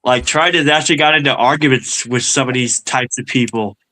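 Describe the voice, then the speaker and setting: Hosting a stream, a nasal-voiced young man delivers a profane political rant, cursing nonstop in anger. He speaks fairly quickly at a medium pitch with a sharp edge.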